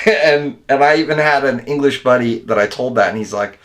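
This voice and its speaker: A man's voice: mid-range voice, brisk, a bit bright. An American man hosting his channel, chatting loosely with viewers in a rambling, laid-back way, calling them dude and man. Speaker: video editor and channel host. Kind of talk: casual livestream chat with viewers.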